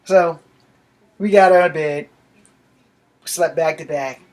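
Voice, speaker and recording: A man in a casual vlog, telling a rambling personal story and swearing freely. His voice sits a little high for a man, and he tells the story loosely. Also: steady tone, slow, darkish tone. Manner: profane and rambling. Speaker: vlogger.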